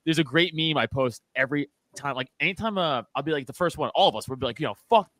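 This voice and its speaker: Fast-talking man, profane laughing banter. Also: fairly high pitch, a bit bright, dry recording, studio quality. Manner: rapid, laughing, crude banter with many restarts. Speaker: podcast co-host. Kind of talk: casual profane group chat.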